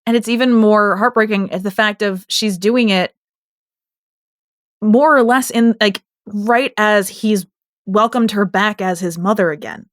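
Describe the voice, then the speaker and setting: A woman's voice: mid-range voice, unhurried, no echo, clean studio sound. A woman in her late twenties co-hosting a TV recap podcast in casual chat, chatty and emotional, laughing often. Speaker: podcast co-host.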